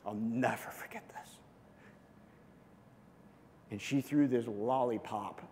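A man preaching through a story, lively at times and dropping to a hushed near-whisper at the tender moments. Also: mid-range voice, takes it slowly, a little hiss or hum. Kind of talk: storytelling sermon. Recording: long hall reverb.

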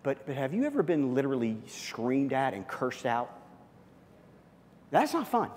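A man's voice: mid-range voice, wildly swooping pitch, a little slow, darkish tone, in a large hall, a little hiss or hum. A man preaching a sermon in a casual, conversational way, full of fillers and asides. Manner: conversational, heavy use of fillers. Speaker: pastor.

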